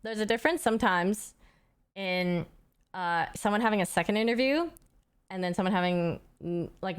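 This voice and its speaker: Smooth, low-voiced young woman chatting. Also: normal speed. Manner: meandering, thinking aloud. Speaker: streamer. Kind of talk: casual chat.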